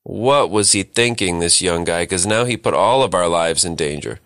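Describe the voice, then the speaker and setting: A man's voice: low-pitched, moderate pace, a bit bright, dry recording, clean studio sound, voice pushed down. A man acting out frightened brothers worrying aloud that they will all be killed. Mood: fretful. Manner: anxious, fretful questioning. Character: frightened brothers fearing for their lives.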